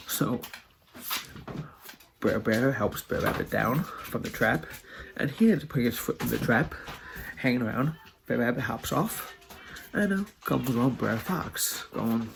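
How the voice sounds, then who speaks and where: An earnest man talks in a casual, rambling video monologue. His voice is gravelly and sits at an ordinary pitch, with clear background noise running under the recording. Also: lively intonation, normal speed. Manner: earnest, heartfelt, loose and rambling. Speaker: vlogger.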